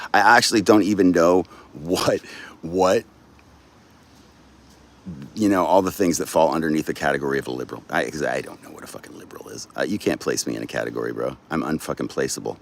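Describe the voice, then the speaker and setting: A man's voice: extremely low pitch, quick pace, gravelly. A man hosting a livestream, chatting casually with viewers, swearing freely, rambling and laughing often. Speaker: livestream host.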